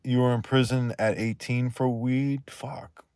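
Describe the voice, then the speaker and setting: A man's voice: mid-range voice, steady tone, a little slow, darkish tone, clean tone, no room sound, studio quality. A man hosting a livestream in loose, profane, rambling chat, laughing often and trailing off mid-thought. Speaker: livestream host.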